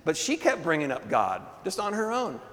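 A man preaching a sermon, telling a story with animated energy, laughing often and calling for responses from the congregation. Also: a little high, normal speed. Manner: laughs often between phrases. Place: church hall. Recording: long hall reverb.

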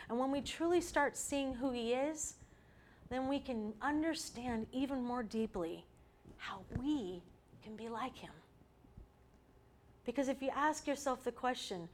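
A woman preaching a sermon to a women's group, earnest and dropping to a soft hush for emphasis. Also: on the high side, a little hiss or hum. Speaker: women's ministry speaker.

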